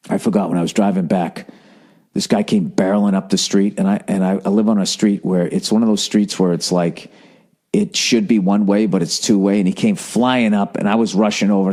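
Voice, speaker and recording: A man's voice: fairly low pitch, a little mellow. Profane, self-mocking man in his forties. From United States. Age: 40s. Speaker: podcast host, comedian. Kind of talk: casual storytelling rant.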